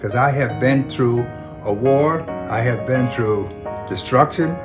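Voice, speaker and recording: A man's voice: mid-range voice, slow pace, music in the background. A man giving a sincere, heartfelt tribute to his partner in an interview. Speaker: interviewee, partner of the main guest. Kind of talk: personal testimony.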